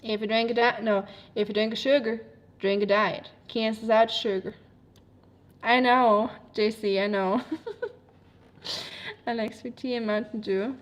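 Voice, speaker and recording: A woman's voice: fairly high pitch, steady tone, unhurried. Chatty woman with a German accent. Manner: chatty, rambling, filler-heavy, laughs often. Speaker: livestreamer reading chat. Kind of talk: casual livestream chat.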